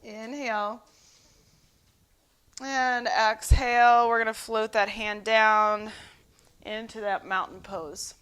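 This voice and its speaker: A woman yoga instructor calmly cueing breaths and poses in a guided flow at home. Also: a little high, slow, pauses often, smooth. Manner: calm, encouraging breath cueing. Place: home, dogs nearby.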